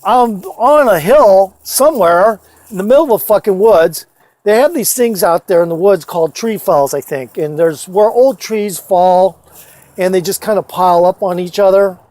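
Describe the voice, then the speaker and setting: A man's voice: sits high, normal speed, a little mellow, no room sound. A man in his fifties from Missouri telling a personal story in a rambling, casual way, swearing often and full of asides and fillers.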